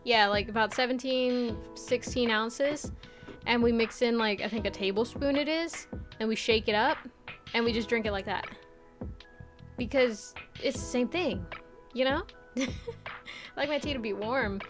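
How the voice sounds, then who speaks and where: Chatty young midwest woman streaming, kinda high voice, laughs a lot, faint music behind. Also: measured pace, long pauses. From Midwest United States. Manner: animated and chatty, laughs often, reads chat aloud. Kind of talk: casual chat.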